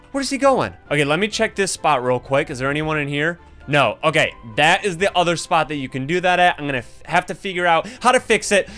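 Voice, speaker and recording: A bright, high-voiced young man talks over his gameplay, teasing the other players and breaking into quick laughs and sudden yelps. His tone is sharp and lively. Faint game music plays behind him. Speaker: gaming YouTuber. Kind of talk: excited gameplay commentary.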